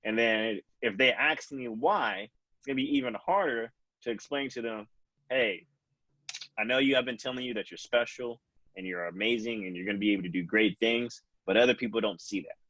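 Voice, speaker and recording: A man's voice: medium pitch, brisk, a bit bright, dry recording. Earnest young man, dry lo-fi podcast. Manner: earnest, reflective, many restarts. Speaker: podcast host. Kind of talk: casual podcast chat.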